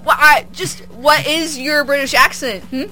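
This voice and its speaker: A woman in her twenties hosting a college radio show, chatting and teasing her co-hosts in an animated way. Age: 20s. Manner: animated, teasing, quick jumps in pitch. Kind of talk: casual radio banter.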